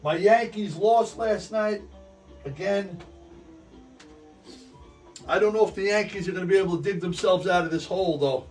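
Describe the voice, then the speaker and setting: A man hosting a live stream from his model railroad layout, sniffly and sneezing, talking in a rambling, halting way that often repeats itself. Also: high voice, faint music behind. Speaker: livestream host running a model railroad. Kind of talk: casual live-stream chat while working. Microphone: earpiece in ear.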